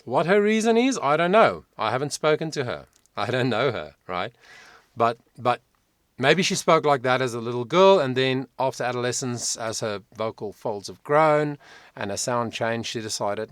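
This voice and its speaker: A man's voice: mid-range voice, big pitch swings, normal speed, fairly bright tone, no echo. A man working as a vocal coach, giving reflective, emphatic commentary in a reaction video.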